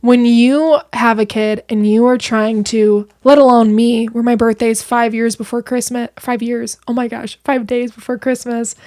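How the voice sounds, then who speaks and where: A young woman chatting as a podcast guest, telling stories in an animated way with quick asides. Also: a little high. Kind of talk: casual chat.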